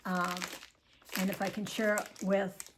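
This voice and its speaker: A woman's voice: mid-range voice, flat delivery, unhurried, slight background noise. An older woman chatting to viewers as she shows off her grocery haul, rambling and cheerful. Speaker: vlogger showing a grocery haul. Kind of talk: casual chatty haul vlog.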